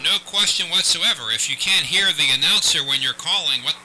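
A man's voice: on the high side, a little fast, a loud crowd, poor audio. A man hosting a live call-in radio show, talking close to a studio mic, earnest and repeating himself with many restarts. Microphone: close studio microphone.

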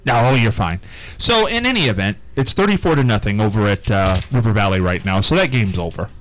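A man's voice: fairly low pitch, very animated, brisk, fairly bright tone, a little hiss or hum, low-quality recording. A middle-aged man hosting a live radio show in a small studio, chatting casually and rambling from one thing to the next. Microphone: studio microphone.

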